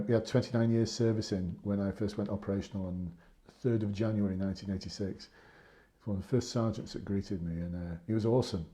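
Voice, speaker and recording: A man's voice: fairly low pitch, mellow. A man in his fifties, a former police sergeant, giving casual, earnest advice on a live stream and repeating his points for emphasis. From England.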